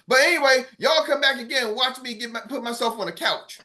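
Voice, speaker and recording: A man's voice: very high voice, fairly quick, few pauses, bright, forceful tone. A middle-aged man coaching his sales team on a morning call, fired-up and preachy, calling out to the group.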